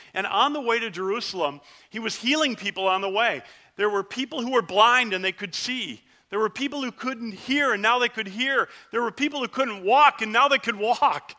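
A man playing a bright-voiced healed leper. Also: sits high. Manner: vivid storyteller, shouts the plea, then hushes. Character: male leper, one of ten, telling his story. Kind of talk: first-person dramatic monologue sermon.

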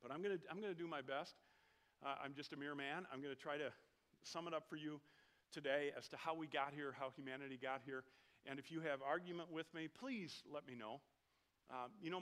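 With a fairly high, somewhat bright voice, this middle-aged pastor delivers a sermon like a conversation, cracking jokes and frequently asking his listeners questions.

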